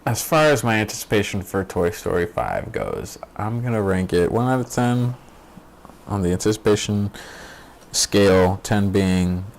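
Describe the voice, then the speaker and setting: Low and gravelly, this man swings his voice up and down as he riffs through a casual reaction stream. He talks bluntly, curses freely and mocks what he watches, with laughs mixed in. His tone stays rough and loose throughout. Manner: profane, blunt and mocking; animated, laughs often. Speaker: streamer host.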